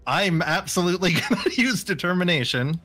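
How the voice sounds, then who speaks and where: A man's voice: high voice, animated, fairly quick, pushed and bright, soft background music. A man playing in a live tabletop game, talking in a hesitant, casual way and chuckling as he goes. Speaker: player.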